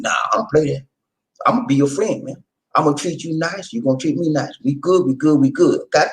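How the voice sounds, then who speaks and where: A middle-aged man hosting his vlog at home, telling stories in a folksy, animated way and talking straight to his viewers. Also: mid-range voice, quick pace, rough recording. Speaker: vlog host. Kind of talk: casual storytelling chat to camera. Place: home in the Philippines.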